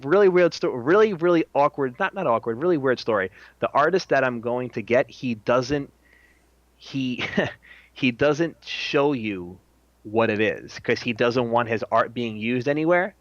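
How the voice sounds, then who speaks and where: Excitable young man, dry close sound. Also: mid-range voice, measured pace, no echo, lo-fi sound. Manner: excitable, slangy, swears freely. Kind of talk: casual chat.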